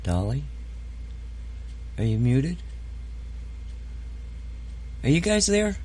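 A man's voice: medium pitch, very animated, very slow, warm tone, slight background noise. A man hosting a casual video-call chat, chatty, laughing easily and stammering a little. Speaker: host.

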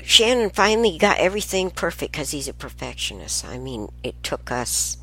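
A woman's voice: low voice, sing-song, normal speed, pushed and bright, husky. An older woman telling family stories in a casual, rambling way, often laughing and getting sidetracked.

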